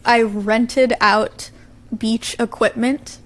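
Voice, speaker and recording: A woman's voice: on the high side, fairly even intonation, extremely slow, fairly bright tone. A woman on a podcast, a band member, reacting with amused jokes in casual chat.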